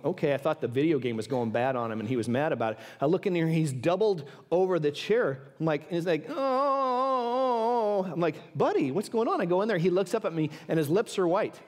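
A man, a pastor, preaching a sermon with lively, humorous storytelling and calling on the listeners to talk back. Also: a little high, long reverb tail. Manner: lively storytelling with humor, calls for audience response.

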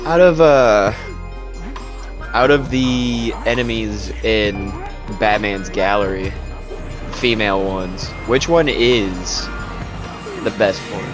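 A man's voice: on the low side, slow, pauses often, over music. A young man co-hosting a casual video game playthrough, joking, laughing often and coughing now and then. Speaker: co-host playing a video game. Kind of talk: casual gaming chat.

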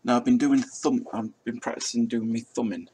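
A man's voice: medium pitch, fairly even intonation, normal speed, dark tone, a little hiss or hum. A man chatting casually and mocking himself as he flies a simulator, swearing now and then. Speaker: drone pilot vlogger. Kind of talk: casual commentary while flying a simulator. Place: indoors at a table.

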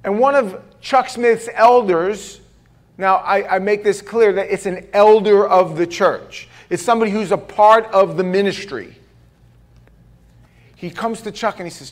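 A pastor preaches to his congregation in a church, a man with a voice pitched a bit above most men. He tells his stories with lively energy and often jokes at his own expense. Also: measured pace. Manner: animated storytelling with self-deprecating jokes. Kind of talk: sermon. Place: church sanctuary.

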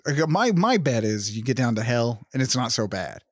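Podcast co-host dude riffing loose and swearing, voice bouncing all over, dry close sound. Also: male voice, mid-range voice, sing-song, fairly quick, dry recording. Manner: loose, swears a lot, laughs often. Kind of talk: casual chat.

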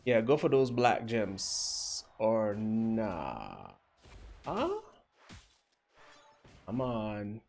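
A man's voice: lowish voice, big pitch swings, drawn-out words, creaky, pauses often, darkish tone. A young man hosting a livestream, giving casual gameplay commentary and teasing his chat in a playful, joking way. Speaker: livestream host.

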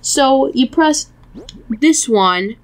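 High-voiced giggly woman host. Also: lively intonation, drawn-out words. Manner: giggly, guiding, reads game text aloud. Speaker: let's play host. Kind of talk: casual gameplay chat.

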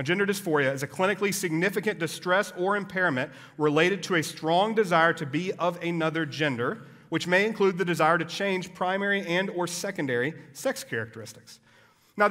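A man's voice: sits high, fairly bright tone. A man preaching a sermon as a pastor, explaining in a conversational way with casual asides. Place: church hall. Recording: long reverb of a church hall.

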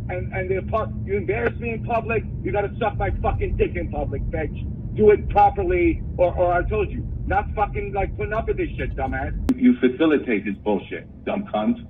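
A man's voice: high-pitched, fairly quick, far from the mic. Male caller, aggressive and profane, heard through a tinny, noisy phone line. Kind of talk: angry phone rant.

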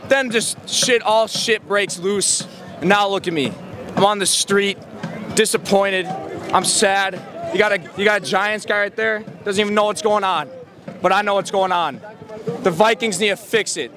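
A man's voice: sits high, steady tone, moderate pace, fairly bright tone, slight background noise. A man from Minnesota, a fan stopped on the street after a game, venting dramatically and repeating himself. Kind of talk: emotional street interview. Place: city street outside a stadium.

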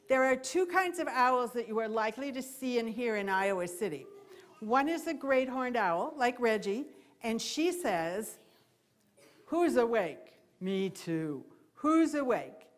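A woman giving a live talk about birds of prey to a library audience, lively and playful, speaking into a handheld mic. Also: on the high side. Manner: lively, imitates owl hoots. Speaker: wildlife educator. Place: library program room.

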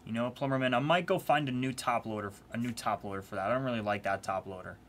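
A man's voice: medium pitch, quick pace, fairly bright tone, a little hiss or hum. A man hosting a live trading-card break, chatting casually and teasing his viewers in a playful way. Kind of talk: casual live-stream commentary.

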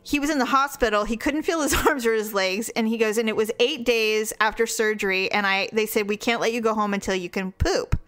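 High, bright-voiced laughing storyteller woman. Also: brisk, few pauses. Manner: animated storyteller, laughs often. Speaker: podcast co-host. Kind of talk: casual chat.

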